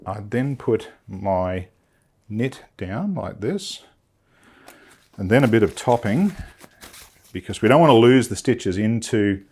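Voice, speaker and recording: A man's voice: on the low side, darkish tone. A man giving a casual, chatty sewing demonstration in a studio, enthusiastic and thinking aloud with fillers. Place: film studio.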